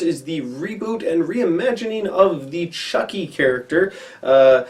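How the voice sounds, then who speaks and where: A man giving a casual, animated movie review to camera with quick asides, recorded indoors against a white backdrop. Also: on the high side, recorded from a distance.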